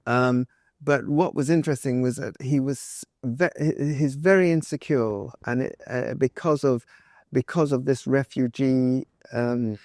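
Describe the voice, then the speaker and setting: A man's voice: mid-range voice, a little slow, darkish tone, no room sound, clean studio sound. A man as an interview guest, answering in a thoughtful, wry way and telling stories about his family.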